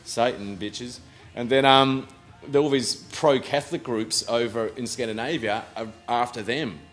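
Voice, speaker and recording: A man's voice: mid-range voice, steady tone, normal speed, a bit bright, faint music behind. A man in his thirties with an Australian accent, a band member rambling through anecdotes in casual chat and swearing freely. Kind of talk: casual storytelling.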